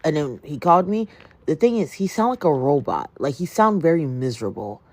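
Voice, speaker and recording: A woman's voice: low voice, a little fast, dry recording. Woman livestreamer, chatty storyteller, dry close sound. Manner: chatty, animated, greets viewers by name. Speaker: livestream host.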